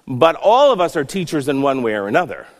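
Earnest pastor preaching in a reverberant hall. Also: male voice, on the high side, big pitch swings, fairly quick. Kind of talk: sermon.

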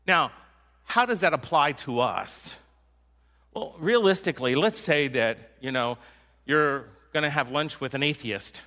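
A man's voice: on the high side, bright, forceful tone, long reverb tail. A man preaching a sermon as a pastor, in a conversational way and teasing his congregation.

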